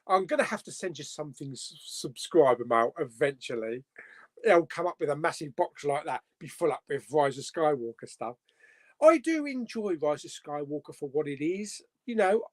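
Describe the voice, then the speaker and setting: A young man casually hosting a live movie chat stream, reading out viewer comments, joking and laughing often. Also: fairly high pitch. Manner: chatty, laughs often, jokey.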